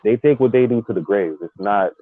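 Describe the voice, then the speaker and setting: A man's voice: fairly low pitch, fairly quick, noisy background. A man in a casual podcast chat, using street slang and chiming in often. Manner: street slang, frequent interjections. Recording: muffled lo-fi sound.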